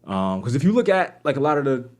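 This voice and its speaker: Young New York man, casual guest, storyteller who springs up into quoted voices. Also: fast. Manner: animated, acts out quoted voices with big pitch jumps. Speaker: podcast guest, music producer and DJ.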